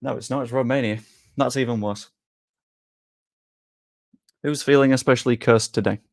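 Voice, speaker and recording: A man's voice: medium pitch, steady tone, normal speed, gravelly, darkish tone, no echo, clean studio sound. Chatty young man streaming. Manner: chatty, jokey, self-deprecating. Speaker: streamer hosting a sweepstake draw. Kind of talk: casual live-stream chat.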